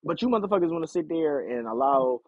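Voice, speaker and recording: A man delivers a blunt, profane rant in a husky voice, lecturing and circling back over his points. His pitch jumps around lively as he gets heated. The sound is dry and dull, like a lo-fi home recording. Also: fast, dry recording. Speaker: commentator.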